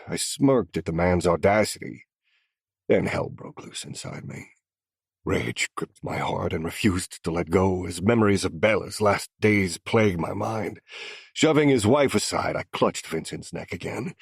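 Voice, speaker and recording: Deep husky male narrator, menacing. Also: no room sound, studio quality. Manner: menacing, growling first-person mob boss. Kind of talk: scripted audiobook narration.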